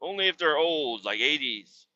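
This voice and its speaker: A man's voice: a little high, expressive, moderate pace, pushed and bright, highs cut off. A man hosting a podcast, telling a rambling, crude story in casual chat with lots of swearing. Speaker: podcast host.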